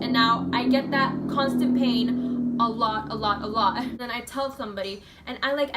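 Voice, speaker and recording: A woman from the USA telling a personal story in a casual vlog, rambling and chatty, full of fillers. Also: on the high side. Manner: chatty, rambling, heavy use of filler 'like'. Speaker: vlogger.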